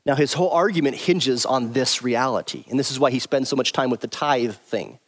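A man's voice: medium pitch, a little fast. A man teaching through a Bible passage verse by verse, stressing and repeating his key points emphatically.

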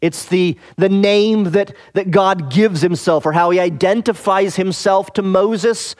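A man preaching an expository sermon, explaining scripture in a measured, teacherly way and pausing to rephrase. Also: sits high.

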